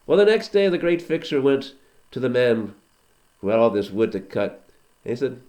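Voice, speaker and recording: A man's voice: medium pitch, big pitch swings, moderate pace, a little mellow. A man, a teacher, telling a story aloud to a children's class, conversational with asides to listeners.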